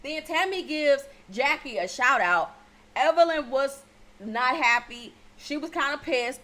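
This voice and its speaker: Sassy, profane high-voiced woman. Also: lively intonation, a little slow, a bit bright. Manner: sassy, blunt and profane, laughs often. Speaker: TV show reviewer. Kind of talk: casual recap vlog.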